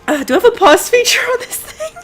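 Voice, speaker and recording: A woman with an extremely high, fairly bright voice hosts a let's play, chatting casually through a video game playthrough. She reads the characters' dialogue aloud and laughs easily and often.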